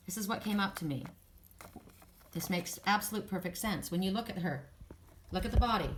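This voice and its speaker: A woman's voice: medium pitch, a little hiss or hum. A woman giving a spiritual oracle card reading, speaking in an earnest, soothing way with affirmations.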